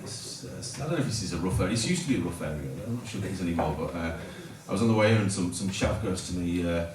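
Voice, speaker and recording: A man's voice: low voice, racing, recorded from a distance, crowd noise. A man from North Lincolnshire doing a hesitant, self-deprecating open-mic stand-up set. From North Lincolnshire, England. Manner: rambling, self-deprecating, hesitant with many fillers. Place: small comedy night in a hotel bar. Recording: roomy hall recorded from afar with loud noise. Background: audience laughter.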